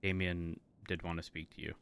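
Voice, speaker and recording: A man's voice: sits low, flat delivery, brisk, gravelly, a bit bright, slight background noise. A man playing a police officer, talking casually and joking in role-play.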